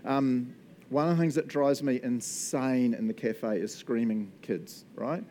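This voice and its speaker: Man, New Zealand accent, sermon, lively anecdotes, laughs a lot, faint background rumble. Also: measured pace. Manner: animated storytelling, laughs often. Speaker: pastor.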